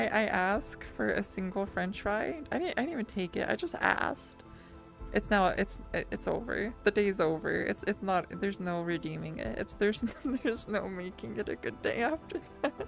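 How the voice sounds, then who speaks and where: Gravelly-voiced woman rambling to her chat. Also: on the high side. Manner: chatty, rambling, many restarts and laughs. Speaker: streamer. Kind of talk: casual rambling chat with viewers. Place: lying down at home.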